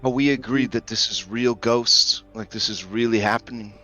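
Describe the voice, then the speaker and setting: A man with a low but bright, forceful voice narrates a tabletop horror game. He describes scenes plainly and shifts easily into banter, with faint music playing behind him. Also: moderate pace. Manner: descriptive, slips into character voices. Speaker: game master.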